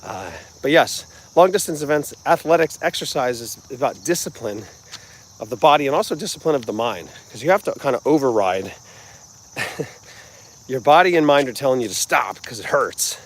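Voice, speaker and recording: A man's voice: mid-range voice, animated, normal speed, a little hiss or hum. An earnest man with a New Jersey accent speaks in a mid-range voice, wandering off on tangents as he gives a live talk. He is outdoors, with faint crickets and insects in the background. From New Jersey, United States. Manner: rambling, earnest, conversational. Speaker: music channel host. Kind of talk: live-streamed motivational talk.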